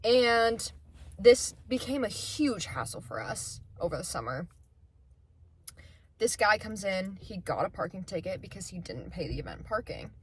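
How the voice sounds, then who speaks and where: Lively, playful young woman. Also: mid-range voice, a little hiss or hum. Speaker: podcast co-host. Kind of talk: casual chat.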